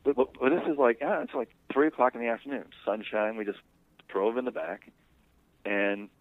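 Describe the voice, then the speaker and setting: A man's voice: medium pitch, moderate pace, no echo. A man telling a personal story to an interviewer in a rambling, conversational way, heard over a phone line. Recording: dry, tinny phone line.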